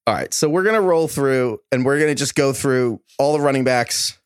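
A man's voice: mid-range voice, moderate pace, clean tone, dry recording, studio quality. A man hosting a podcast who opens the show with a playful, jokey manner. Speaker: podcast host. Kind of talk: casual podcast chat.

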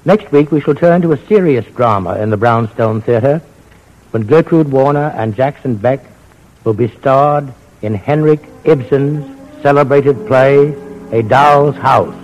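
Genteel formal radio host. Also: male voice, mid-range voice, measured pace, a little mellow, highs cut off. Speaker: host and critic. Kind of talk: scripted radio introduction. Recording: old radio broadcast with music.

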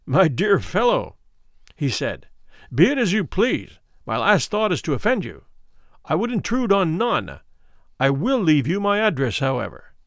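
A wealthy old doctor, smooth and anxious to please, hurrying his soothing words, as a male reader voices him. The delivery rises and falls a lot, recorded close and dry. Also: on the high side, wildly swooping pitch, dry recording, exaggerated voice. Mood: conciliatory. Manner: hurried, soothing and ingratiating. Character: smooth wealthy elderly doctor, nervous and placating.

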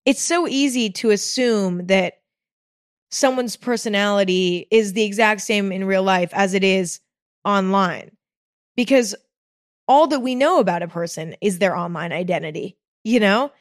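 Female podcast host, mid-pitched, conversational monologue with a dry, close sound. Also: unhurried, dry recording. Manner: chatty, conversational, with frequent "you know" and "okay?". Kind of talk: casual solo podcast monologue.

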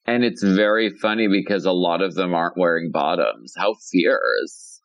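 A man's voice: low voice, normal speed, gravelly, no room sound. An American man co-hosting a podcast in casual chat, campy and self-interrupting. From United States. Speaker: podcast co-host.

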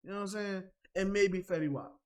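A man in a casual, animated chat about battle rap, often laughing and mimicking people. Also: high voice, brisk, smooth. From New York.

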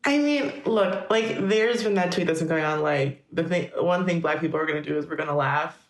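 A woman's voice: low-pitched, brisk. A woman on a podcast panel, speaking wryly and laughing between points. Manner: wry, laughing. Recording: roomy echo.

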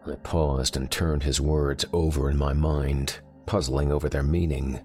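A man narrating a first-person horror story in a tense, measured manner. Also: a bass voice, level tone, darkish tone, soft background music.

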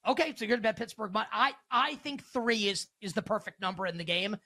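Bright-voiced, energetic male podcast host. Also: high voice, fast talker, hardly any pauses. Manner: energetic, emphatic, rhetorical. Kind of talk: casual sports betting chat.

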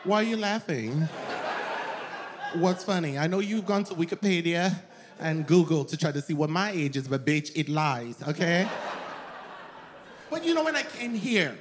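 Sassy flamboyant comedian with a high voice. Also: male voice, animated, moderate pace, long pauses. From West Africa. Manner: sassy, flamboyant, calls the crowd honey and girl. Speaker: stand-up comedian. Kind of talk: stand-up comedy set. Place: large theater with live audience. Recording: long hall reverb, loud crowd.

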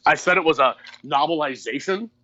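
A man in his thirties co-hosting a podcast, telling profane, animated stories in casual chat and mimicking people as he goes. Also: fairly high pitch, a little fast, highs cut off, a little hiss or hum. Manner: profane, animated storytelling with mock voices. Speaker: podcast co-host.

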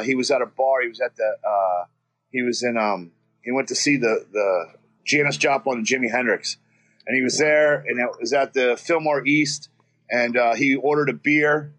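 A man's voice: medium pitch, fairly bright tone. Rambling, profane man from Florida. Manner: rambling and profane, with many restarts. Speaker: guest. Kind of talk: casual storytelling.

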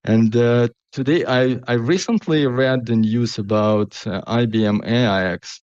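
A man's voice: mid-range voice, unhurried, a little mellow, dry recording, lo-fi sound. A man as the interview guest, answering hesitantly with non-native phrasing. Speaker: guest, company founder.

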